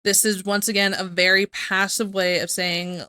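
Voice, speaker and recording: A woman's voice: medium pitch, little pitch movement, moderate pace, pushed and bright, clean tone, dry recording. A woman giving casual reaction commentary, rambling and correcting herself as she reads messages aloud.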